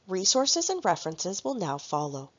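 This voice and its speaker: A woman narrating a recorded language workshop, speaking clearly and carefully as she reads out example phrases. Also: lowish voice, very animated, normal speed, dry recording, dull audio. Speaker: language support instructor.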